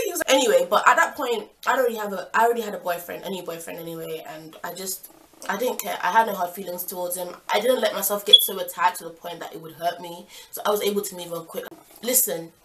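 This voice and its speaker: A young woman tells a casual storytime vlog in a chatty, animated way, now and then jumping into loud outbursts. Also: on the low side, quick pace. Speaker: vlogger.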